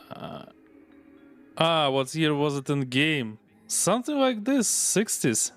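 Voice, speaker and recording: Slow, amused male game streamer. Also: on the high side, very animated, fairly bright tone, clear, resonant tone, faint music behind. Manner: amused, chatty, laughs often. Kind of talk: casual gameplay commentary.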